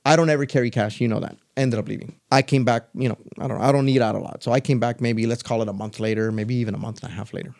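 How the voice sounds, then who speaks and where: A man's voice: mid-range voice, very fast, creaky, hardly any pauses. A middle-aged man and podcast co-host telling a story in casual chat, acting out other people's lines as he goes. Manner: animated, loose storyteller who acts out other people's lines.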